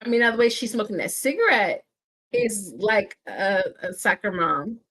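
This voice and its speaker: A woman's voice: mid-range voice, big pitch swings, normal speed, fairly bright tone. A woman hosting a movie watch-party stream, giving casual, chatty commentary with playful slangy asides, sounding tired from an early start.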